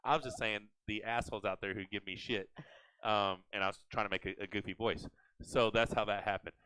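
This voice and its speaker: A man hosting a casual live chat, animated and rambling with frequent restarts. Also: on the low side, brisk, smooth, no room sound, rough recording. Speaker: host.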